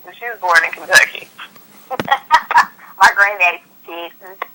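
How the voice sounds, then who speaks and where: A woman's voice: lowish voice, moderate pace, pushed and bright, slight background noise, poor audio. A woman from the US West Coast, hosting a podcast in loose, slangy casual chat full of fillers and laughter. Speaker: podcast host.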